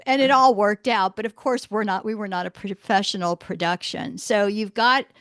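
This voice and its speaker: A woman's voice: mid-range voice, normal speed, dry recording. Chatty woman podcast host, acts out every quote, laughs a lot, dry close sound. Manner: animated storyteller, acts out quotes, laughs often. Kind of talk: casual interview chat. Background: homeschool mom.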